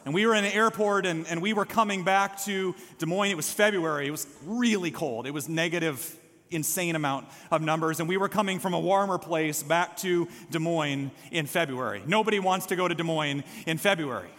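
Male pastor, high tenor, passionate sermon delivery, long reverb of a church sanctuary. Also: brisk, a bit bright. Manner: impassioned, builds to calls for response.

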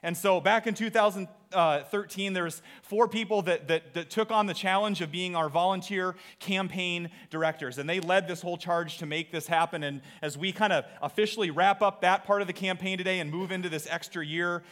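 A man preaching as a pastor in a church service, earnest and animated, with repeated phrases. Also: high voice, fairly quick, hardly any pauses. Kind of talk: sermon. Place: church auditorium.

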